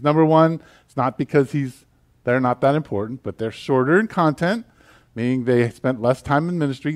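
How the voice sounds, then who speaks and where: A man with a Southern US accent, preaching a sermon in a casual, animated way with prayer. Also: on the high side. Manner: conversational, animated, with fillers and asides. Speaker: pastor.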